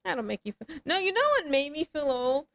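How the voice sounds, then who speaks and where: A woman's voice: high-pitched, animated, a little fast, vocal fry, a bit bright, poor audio. Chatty woman streamer in her thirties. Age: 30s. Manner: rambling, swears freely, self-mocking banter with chat. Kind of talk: casual live gameplay chat.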